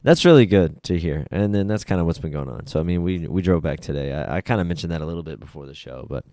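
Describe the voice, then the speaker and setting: A young man hosts a casual gaming podcast in a very low voice, recorded close and dry. He talks loosely and swears freely, jumping up high when he mimics other people. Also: animated, quick pace, dark tone, dry recording. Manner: loose, profane, jokey, acts out quotes in high voices. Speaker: podcast host.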